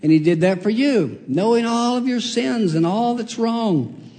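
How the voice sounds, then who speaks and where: Preacher, folksy storyteller, slightly high voice, hall reverb. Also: male voice, measured pace. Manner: folksy, animated, acts out characters with big pitch jumps. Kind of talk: storytelling sermon. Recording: long reverb of a large hall.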